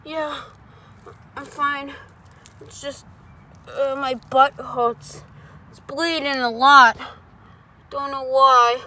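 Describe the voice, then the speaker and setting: A man's voice: very high-pitched, fairly even intonation, extremely slow, long pauses, bright, forceful tone, a little hiss or hum, full character voice. A man voicing an injured cartoon monkey in a homemade cartoon, speaking in a tired, subdued, sighing way. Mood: weary. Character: hurt, weary cartoon monkey.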